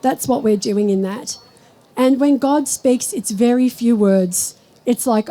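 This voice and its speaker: A woman giving a live spiritual talk to an audience, chatty and storytelling, slowing down when she speaks of God. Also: on the high side, dark tone, rough recording. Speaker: spiritual teacher.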